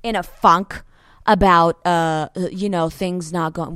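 A woman's voice: on the low side, lively intonation, takes it slowly, fairly bright tone, no echo. A woman co-hosting a ministry talk, speaking casually and with energy, urging listeners on and repeating phrases for emphasis. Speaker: ministry co-host. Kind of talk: casual motivational faith talk.

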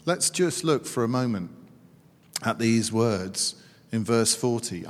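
British man preaching in an echoing hall. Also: medium pitch. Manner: reads scripture slowly, then talks with lively humorous asides. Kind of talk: sermon. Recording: reverberant hall.

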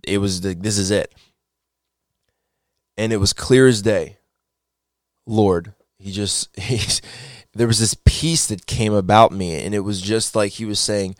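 Earnest man with a low, dry voice. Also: unhurried, pauses often, dry recording. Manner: earnest, excitable storytelling; repeats words and restarts when wound up. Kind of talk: personal faith testimony monologue.

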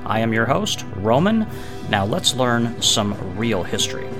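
A man's voice: medium pitch, very animated, unhurried, music in the background. A man hosting a history podcast in a casual, opinionated monologue, emphatic and full of fillers. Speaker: podcast host.

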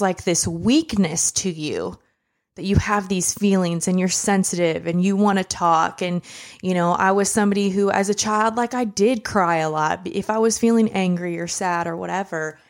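A young woman co-hosting a podcast, telling a personal story in a candid, emotional, conversational way. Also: medium pitch. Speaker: podcast co-host. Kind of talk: casual chat.

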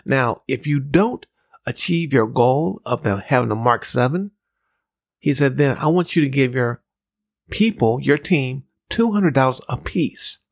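Male podcast host, dry close sound, slow and repetitive sales coaching. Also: medium pitch, expressive, vocal fry, no echo. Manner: measured, repetitive, acts out dialogue in his story. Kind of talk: motivational talk with a personal story.

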